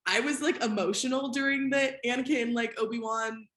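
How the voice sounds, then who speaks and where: A woman's voice: on the high side, fairly even intonation, moderate pace, a bit bright, echoey room. A woman hosting a podcast, chatting casually with many "like" fillers. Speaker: podcast host.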